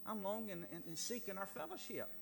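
A man's voice: sits high, very animated, fairly quick, vocal fry. A man preaching a sermon, building to emphatic, rising lines with repeated words. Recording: light hum in a reverberant hall.

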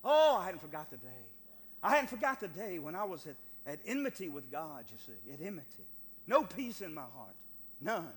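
A middle-aged man preaching a fervent, animated sermon, piling up emphatic repeated phrases. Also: a little high, moderate pace, breathy edge. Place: church sanctuary. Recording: long reverb of a church hall, faint hum.

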